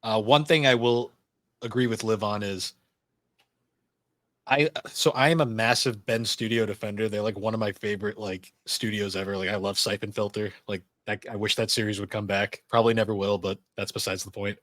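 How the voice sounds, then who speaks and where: A man's voice: fairly low pitch, steady tone, a little fast, a bit bright, no room sound. A man hosting a casual gaming podcast, talking steadily and reviewing games point by point. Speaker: podcast host.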